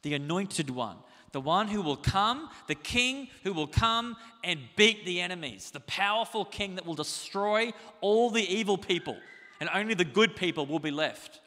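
A man preaching a sermon as pastor, animated and conversational, asking the congregation rhetorical questions. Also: high voice, normal speed, long reverb tail.

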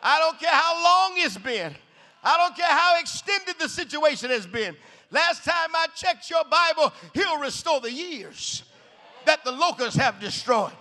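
High, bright-voiced man preaching loudly. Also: expressive, measured pace. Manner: hollering, rhythmic call-and-response preaching. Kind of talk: shouted revival sermon. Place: large church sanctuary. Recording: echoey hall reverb.

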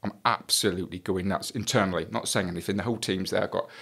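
A man's voice: deep voice, steady tone, quick pace, creaky, fairly bright tone, slightly rough. A middle-aged man, a former police detective, telling a story on a podcast in a blunt way, swearing freely and acting out the dialogue.

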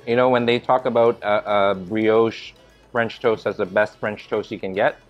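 A man's voice: lowish voice, fairly even intonation, moderate pace, muffled recording, soft background music. A man hosting a casual food vlog, tasting and describing donuts with relish. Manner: savoring, describes food with enthusiasm. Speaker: food vlogger host. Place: donut shop.

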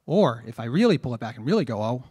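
A man's voice: medium pitch, sing-song, fast, dark tone, husky, muffled recording, faint music behind. A man teaching a trombone masterclass, explaining breathing with rhetorical questions and demonstrated vowel sounds. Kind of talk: masterclass lecture.

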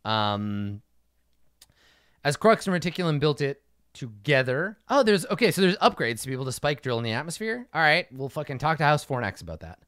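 A man fields fan questions on a casual stream, talking bluntly with plenty of swearing. His fairly high voice swings widely in pitch as he jumps into little acted-out exchanges. The sound is close and dry, with no room around it. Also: sing-song, a bit bright, no echo. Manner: blunt, profane, acts out quick mock dialogue. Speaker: game master answering fan questions. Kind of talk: casual livestream Q&A.

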